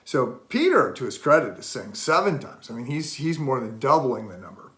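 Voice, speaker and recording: A middle-aged man, a pastor, giving a casual devotional talk and telling a story with animated, acted-out dialogue. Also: moderate pace. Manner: animated, acts out dialogue with rising pitch. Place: relatives' home. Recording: roomy echo.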